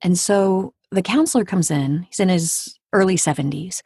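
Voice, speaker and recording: Husky-voiced woman telling a dramatic story. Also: on the low side, moderate pace, no echo, studio quality. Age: 40s. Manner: vivid, dramatic storytelling, drops to a hush at tense moments. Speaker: audiobook narrator and actor, guest. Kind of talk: personal storytelling in an interview.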